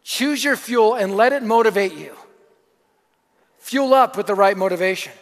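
A middle-aged pastor delivers a sermon, his voice sitting unusually high for a man. He tells stories with energy, shouting some lines and dropping to near-whispers on others. His voice carries a long hall reverb. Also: normal speed. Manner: energetic storytelling preacher, swinging from shouts to hushed asides.

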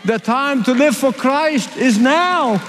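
A man from the Middle East preaching a sermon, emphatic and repeating key phrases, slowing down for weight. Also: very high voice, a bit bright, some chatter behind. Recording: reverberant hall.

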